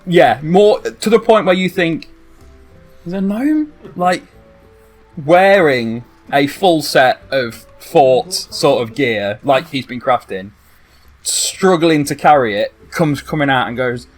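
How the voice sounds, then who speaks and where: A man's voice: on the high side, takes it slowly, soft background music. A man narrating a tabletop game as game master, rambling casually and swearing now and then.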